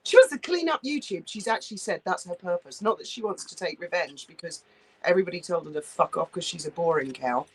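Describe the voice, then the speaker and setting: A woman's voice: lowish voice, lively intonation, fast, slightly rough, rough recording. A woman in casual chat who talks bluntly, swears freely and mocks people. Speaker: co-host.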